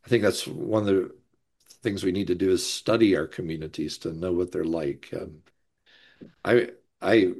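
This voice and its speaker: A man who used to plant churches, speaking as a guest on a discussion panel in a thoughtful, unhurried way with gentle laughs. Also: sits low, steady tone, husky. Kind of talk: casual discussion.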